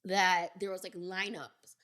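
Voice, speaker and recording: A woman's voice: lowish voice, flat delivery, measured pace, pushed and bright. Chatty young woman podcast co-host. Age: 20s. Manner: chatty, rambling storyteller. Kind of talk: casual chat.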